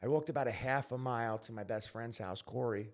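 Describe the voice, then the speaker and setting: A podcast guest from New York tells his life story candidly, earnest and emphatic, with quick restarts. His voice is mid-range.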